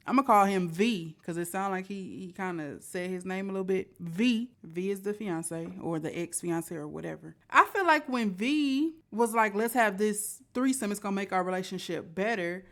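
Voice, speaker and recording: A woman hosting a reaction video, commenting casually and asking viewers what they think. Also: mid-range voice. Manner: chatty, asks viewers questions. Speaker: reaction host.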